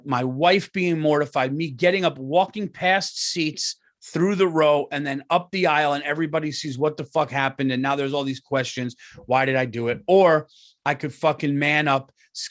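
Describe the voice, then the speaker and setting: A man's voice: on the high side, fairly bright tone. Profane middle-aged man telling a story. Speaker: comedian host. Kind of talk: comic storytelling.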